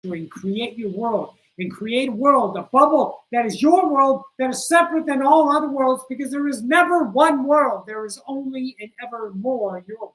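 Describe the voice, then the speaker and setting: A woman with a somewhat high voice gives a spiritual talk on a livestream. She speaks straight to her viewers, blunt and a little profane, hammering her points home by repeating them. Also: moderate pace, hardly any pauses, low-quality recording. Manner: addresses viewers directly with insistent repetition.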